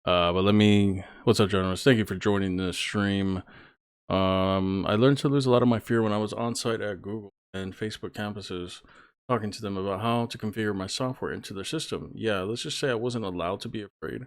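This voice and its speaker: A man's voice: lowish voice, fairly even intonation, a little fast, clean tone. A male streamer giving casual live-stream commentary, chatty and swearing as he reacts to viewers.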